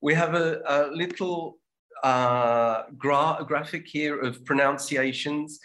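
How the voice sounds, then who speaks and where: A man's voice: on the high side, fairly even intonation, takes it slowly, pushed and bright. Chatty man hosting a language show. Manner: chatty, restarts often, promotional asides. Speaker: co-host of a language-learning show. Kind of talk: casual chat.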